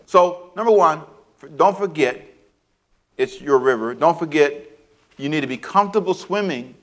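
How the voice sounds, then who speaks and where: Animated man preaching a sermon. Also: on the high side. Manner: animated, acts out scenes with sound effects and playful asides. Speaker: pastor.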